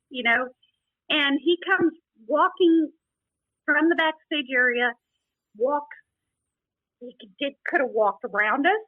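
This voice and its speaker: With a high voice captured at phone quality and no room sound, a Texas author chats as a podcast guest, sharing backstage stories in a casual storytelling interview. She laughs frequently and peppers her talk with "you know."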